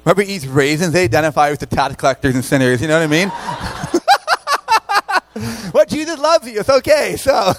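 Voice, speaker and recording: A man speaking at a camp, telling a funny story in a lively way with many fillers and laughs before turning it into a sermon. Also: on the high side, quick pace, hardly any pauses. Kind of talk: humorous sermon to campers.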